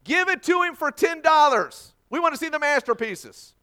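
A man voicing an impatient male bidder who shouts abrasively at an auction, in a spoken sermon story. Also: extremely high pitch, lively intonation, moderate pace, pitched above the performer's own voice, full character voice. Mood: angry shouting.

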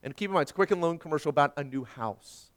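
A middle-aged man preaching a sermon, telling a personal story and swinging from hushed tones to loud emphasis. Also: on the high side, fast talker. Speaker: pastor.

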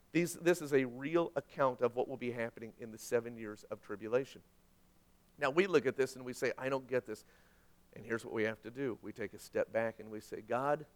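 A man preaching a sermon, swinging between quiet asides and loud, dramatic questions. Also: medium pitch, vocal fry. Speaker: pastor.

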